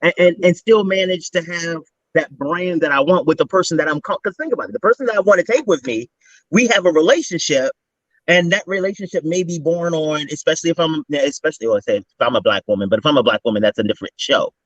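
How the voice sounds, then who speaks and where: Male interview host, higher voice, animated and rambling, muffled dry recording. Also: fast, dry recording. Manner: animated, rambling, thinks aloud. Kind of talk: casual interview talk.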